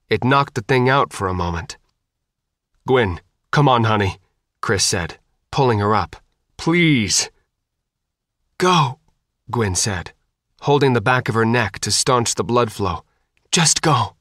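A man reading an audiobook in a measured, even style. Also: on the low side, dry recording, studio quality. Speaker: audiobook narrator. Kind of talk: scripted audiobook narration.

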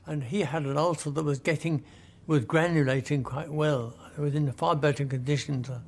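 A man in his nineties, a war veteran, telling his memories in a halting, vivid way with restarts. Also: on the high side, gravelly. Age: 90s. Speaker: war veteran recalling captivity. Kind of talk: interview recollection.

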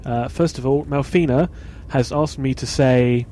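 A man's voice: mid-range voice, unhurried, dark tone, slight background noise. A man hosting a let's play, giving casual gameplay commentary and muttering asides to himself.

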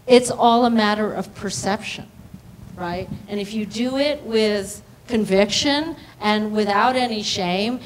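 An actress on a panel telling a lively anecdote and acting out the back-and-forth of each quoted exchange. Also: female voice, medium pitch, measured pace, slight background noise, poor audio. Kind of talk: panel discussion storytelling.

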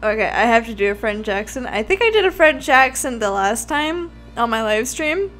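A woman's voice: on the high side, lively intonation, moderate pace, fairly bright tone, faint music behind. A young woman hosting a game playthrough, reading aloud and commenting in a chatty, self-deprecating way, often tripping over words. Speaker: let's play host.

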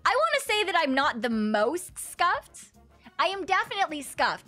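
Woman, VTuber streamer, casual livestream chat, excitable, swears casually, laughs a lot, faint music behind. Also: extremely high pitch, normal speed.

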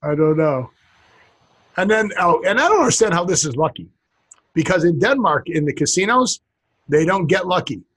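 Husky man reading out funny sayings. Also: high voice, big pitch swings, moderate pace, pauses often, a bit bright. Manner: reads out funny sayings, chuckling, jumps into silly put-on voices. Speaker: podcast co-host. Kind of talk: casual comedic chat.

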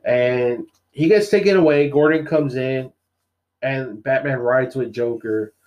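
A man with a medium-pitched voice speaks at an unhurried pace as a podcast co-host. He casually recaps a comic's plot like an animated storyteller, quoting the characters along the way and using lots of fillers.

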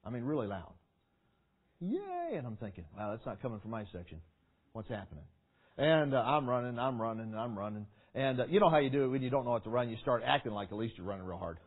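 A man preaching a sermon to young people, telling a story with lively acting, shouts and sound effects. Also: mid-range voice, rapid-fire, hardly any pauses. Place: large meeting hall. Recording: tinny phone-like sound.

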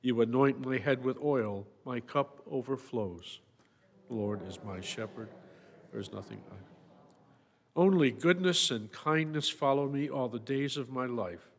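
Male priest, mid voice, formal liturgical reading, church reverb. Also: mid-range voice. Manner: measured, formal recitation.

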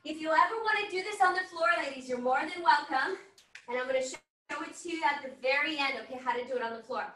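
This fast-talking woman has a high-pitched, pushed, bright voice as she runs an online fitness class, exercising alongside everyone and breathing a bit hard. Her coaching is upbeat and punctuated with whooping cheers, captured by a faraway laptop mic on a video call that leaves the sound roomy and distant.

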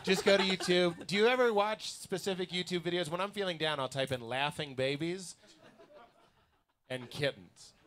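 A man's voice: high-pitched, normal speed, a bit bright. A man hosting a live comedy podcast in a restaurant basement, playful and laughing often as he talks. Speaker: podcast host.

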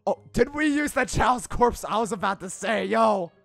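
High, gravelly-voiced man reading fan fiction. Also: lively intonation, normal speed, a bit bright, faint music behind. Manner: teasing, giggly, crude jokes. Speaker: YouTuber playing Shadow the Hedgehog.

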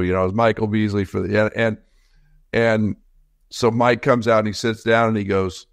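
A middle-aged man, a former coach, telling a casual story in halting bursts with many restarts. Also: fairly low pitch, fairly even intonation, no room sound. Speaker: former assistant coach, guest.

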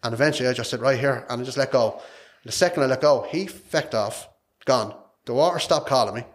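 A man's voice: medium pitch, brisk. An Irish man, a podcast guest, telling a personal story in a frank, emotional, rambling way, repeating his words. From Ireland.

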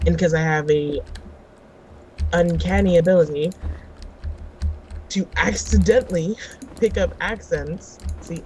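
A woman from California chatting casually while playing a video game, excitable and quick to gasp and laugh. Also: fairly low pitch, slight background noise, poor audio. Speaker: co-host of a gaming series. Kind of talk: casual let's-play chat.

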